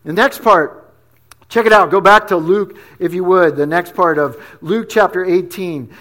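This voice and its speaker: A man's voice: sits high, normal speed, a bit bright. A male pastor giving a sermon in a casual, conversational way, dropping slang asides as he teaches.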